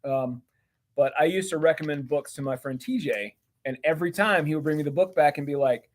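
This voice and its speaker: A man's voice: a little high, animated, quick pace. A man co-hosting a casual comics chat, enthusiastic and rambling with lots of fillers. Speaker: co-host.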